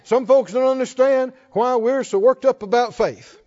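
Guy preaching, really high voice, slow emphatic delivery, kinda muffled lo-fi recording. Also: dark tone. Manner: preaching, slow and emphatic, rising to fervent calls. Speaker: pastor. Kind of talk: sermon.

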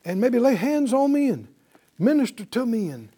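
A man's voice: extremely high pitch, sing-song, moderate pace, dark tone, breathy edge, voice pushed up, heavily acted. A man voicing a proud, insulted commander from a Bible story, complaining indignantly.

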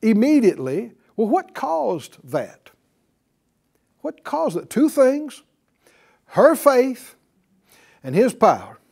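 A man's voice: very high voice, huge pitch swings, takes it slowly, gravelly, pauses often, darkish tone, husky. A man teaching a Bible class in a preaching style, repeating key words and calling on the class to answer. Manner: emphatic, repeats key words, calls for responses.

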